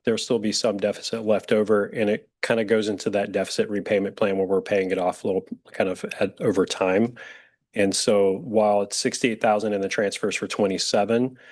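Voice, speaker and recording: Man, hoarse raspy voice, low pitch, budget presentation, meeting room. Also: flat delivery, brisk, a little mellow. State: hoarse from allergies. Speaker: college budget staff presenter.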